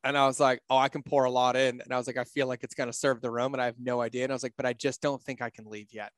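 A man talking casually on a podcast, blunt and animated, swearing freely and acting out his own quotes. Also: rapid-fire, no echo. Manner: acts out his own quotes with big pitch jumps.

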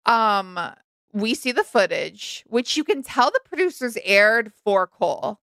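Chatty young woman with a gravelly edge. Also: a little high, unhurried, no room sound. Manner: chatty, animated, frank. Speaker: podcast co-host. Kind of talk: casual recap chat.

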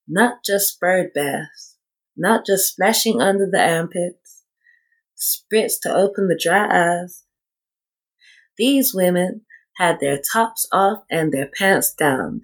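A woman reading her own first-person story aloud in a measured, deliberate way, voicing the dialogue she quotes. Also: lowish voice, gravelly, slightly rough, poor audio.

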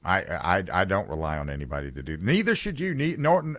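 A man's voice: deep voice, big pitch swings, fairly quick, a bit bright, no echo. A man hosting a political talk radio show, giving opinions in a conversational way and reading listener texts aloud.

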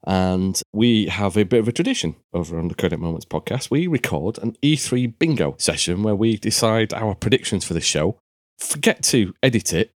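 A man's voice: lowish voice, dry recording, clean studio sound. A man co-hosting a casual podcast over a voice call, wry and teasing, laughing at his own jokes. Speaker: podcast co-host. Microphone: online voice call.

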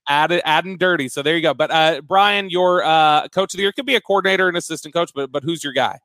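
A man's voice: on the high side, fast talker, pushed and bright, dry recording. A man co-hosting a casual sports podcast, running through segment picks with frequent restarts. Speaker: podcast co-host.

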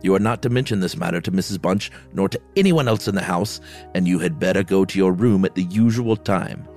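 A man voicing a formal, secretive older gentleman who speaks deliberately, while reading a story aloud. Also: low-pitched, soft background music.

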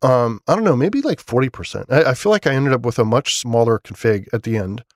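A man hosting his own podcast, rambling casually with plenty of "um"s and restarts. His voice sits at an ordinary middle pitch. The recording is dry and close, with no room sound. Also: animated, brisk, dry recording. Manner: enthusiastic about his setup. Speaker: podcast host. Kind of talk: solo podcast monologue.

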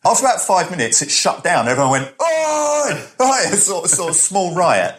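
A man's voice: fairly high pitch, fast. A man, a comedian telling anecdotes in casual chat and acting out other people's voices as he goes. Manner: animated storyteller, acts out other people's voices. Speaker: comedian guest.

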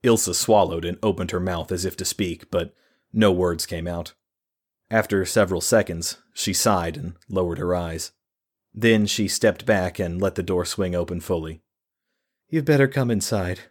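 A male audiobook narrator with a very low, deep voice. He reads the story in a steady, even, scripted manner. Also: moderate pace.

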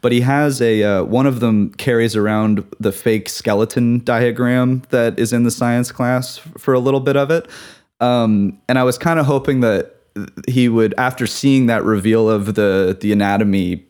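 A man co-hosting a podcast, talking casually about films in a relaxed, halting way. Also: medium pitch, clear, resonant tone. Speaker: podcast co-host. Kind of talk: casual film discussion.

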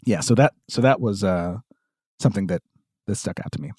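A man's voice: on the low side, a little fast, a little mellow, no echo, clean studio sound. Southern man reading articles aloud on a podcast. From American South. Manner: reads quotes aloud from articles, many fillers. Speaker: podcast co-host. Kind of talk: casual discussion podcast.

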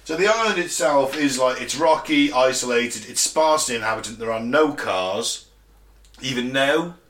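In a roomy, echoing space, a British podcast co-host with a medium-pitched, somewhat bright voice chats at normal speed with lively intonation. He swears, jokes and laughs often while reading out listener towns and telling a story.

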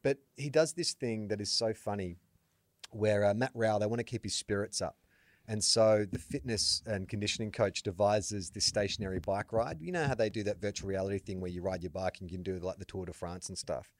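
Lively Australian man, deep and dry. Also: brisk, no echo. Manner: animated storyteller, acts out quotes loudly. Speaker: podcast co-host. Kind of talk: casual chat.

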